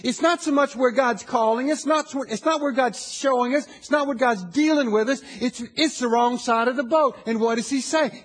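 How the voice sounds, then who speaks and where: A man's voice: extremely high pitch, normal speed, few pauses, fairly bright tone, in a large hall. A man preaching a sermon as pastor, talking conversationally to his congregation and building to emphatic declarations.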